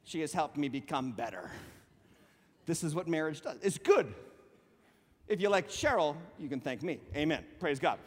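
High-voiced, animated man preaching. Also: normal speed, pauses often, big-room sound. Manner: animated, joking, sarcastic asides. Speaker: pastor. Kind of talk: sermon. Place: church sanctuary.

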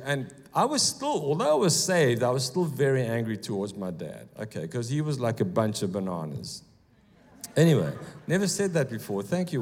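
A man preaching a sermon with an animated, storytelling delivery, jumping into the voices of the people he quotes. His voice sits in a middle register and carries a long church reverb around it. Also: medium pitch. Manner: animated, acts out quotes in bursts. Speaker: guest speaker. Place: church hall.

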